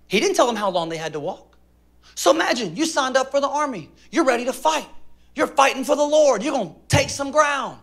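A male pastor preaching a sermon to a live congregation, telling stories, acting out voices and firing questions at the room. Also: very high voice. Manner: animated storytelling, acts out voices, asks congregation questions. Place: church auditorium with a live congregation.

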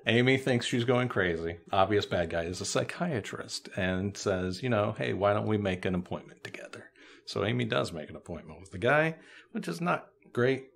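Male podcast co-host, low register, expressive pitch, dry humour, casual recap chat. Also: moderate pace, gravelly.

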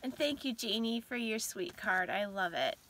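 A woman's voice: mid-range voice, animated, normal speed, background noise. A middle-aged woman chatting casually to her vlog viewers at night, emotional and tired, often dropping into a near-whisper. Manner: emotional, soft-spoken, drifts into whispers. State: teary and tired at bedtime. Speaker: vlogger.

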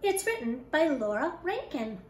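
A woman kindergarten teacher reading a picture book aloud with expressive, animated storytelling. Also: sits high, normal speed, a little hiss or hum. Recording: echoey room.

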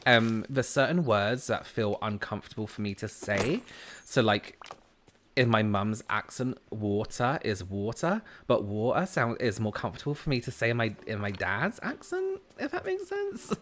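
A man's voice: mid-range voice, sing-song, normal speed, a bit bright, slight background noise. A man with a southern English accent, chatting casually with his livestream audience, full of restarts and giggles. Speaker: gaming streamer reading chat.

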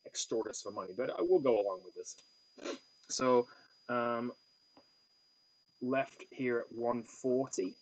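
Husky guy playing a detective board game solo, lots of up and down in his voice, muttering through clues. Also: mid-range voice, darkish tone, poor audio. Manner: thinking aloud, stammering restarts. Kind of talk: solo tabletop play-through with case reading.

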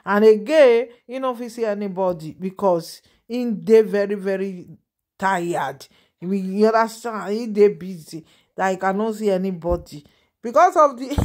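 A woman with a Nigerian Pidgin accent hosting a gossip channel, rambling and animated, often asking her listeners if they understand. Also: mid-range voice, moderate pace. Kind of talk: casual gossip commentary.

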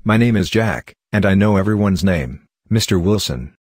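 A man voicing a mysterious salesman who speaks in a velvety smooth, calm and formal way. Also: low voice, normal speed, dry recording, studio quality. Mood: polite. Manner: calm, formal, politely probing.

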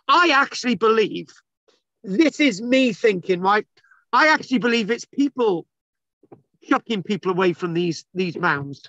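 Exasperated high-voiced man lecturing. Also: expressive, normal speed, a bit bright, no echo, muffled recording. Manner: exasperated, bantering, swearing often. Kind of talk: casual online lecture.

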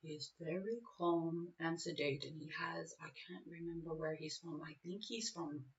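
A woman's voice: deep voice, fairly even intonation, normal speed, distant mic, lo-fi sound. A woman in her forties in a casual personal vlog, talking in a rambling way with many fillers and restarts. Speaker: vlogger.

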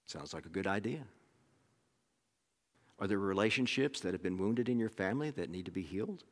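A middle-aged man with an Oklahoma accent, preaching a sermon in a relaxed, conversational storytelling way that often restarts its phrases. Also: sits low, a little fast. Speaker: pastor. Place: church sanctuary. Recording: long sanctuary reverb.

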